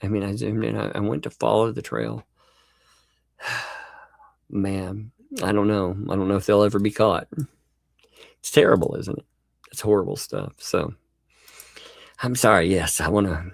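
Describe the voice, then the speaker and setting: Gravelly, joking male livestream host. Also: on the low side, animated, a little slow, long pauses, no room sound, clean studio sound. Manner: mock-dramatic, joking, laughs often; reads and thanks viewer chat. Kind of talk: casual livestream chat.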